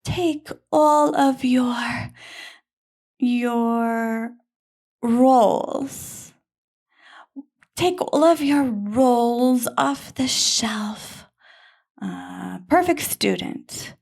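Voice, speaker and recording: A woman putting on the gentle, half-whispered voice of a calm female tidying expert, coaching someone to let go of things. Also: on the high side, drawn-out words, creaky, full character voice.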